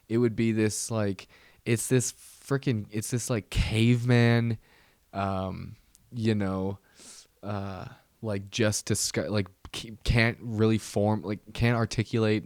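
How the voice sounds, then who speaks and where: A man's voice: fairly low pitch, darkish tone, smooth, no room sound. A man hosting a casual solo podcast, rambling, with many restarts and trailing fillers. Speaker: podcast host.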